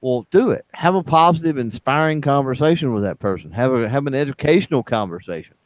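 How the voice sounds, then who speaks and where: A man co-hosting a casual online chat, speaking in a halting way with many fillers and restarts. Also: medium pitch, animated, no echo. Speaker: livestream chat co-host.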